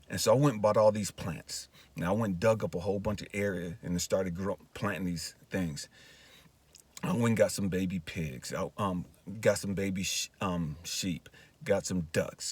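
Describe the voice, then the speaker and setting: Earnest husky man giving testimony. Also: on the low side, normal speed. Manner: earnest, repetitive, often asks "you know what I mean". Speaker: counselor sharing personal testimony. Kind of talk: emotional spoken testimony.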